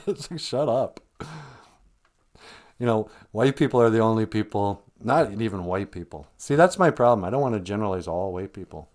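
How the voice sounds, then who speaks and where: Speaking briskly in a fairly low voice, this man hosts a relaxed livestream. He wanders off on tangents, laughs to himself, tosses in lively asides and pauses to read out comments from viewers.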